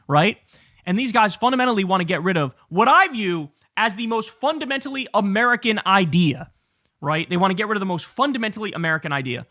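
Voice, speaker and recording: Bright-voiced, profane political commentary host. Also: male voice, high voice, fast, dry recording, studio quality. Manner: profane, mocking and animated, laughing at his targets. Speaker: host of a political talk show.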